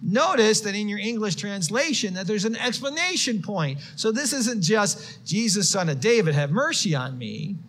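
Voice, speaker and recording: A man preaching a sermon, moving from quiet explanation to loud, shouted passages. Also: high voice, normal speed, hardly any pauses. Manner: expressive, swings from quiet to shouted quotes.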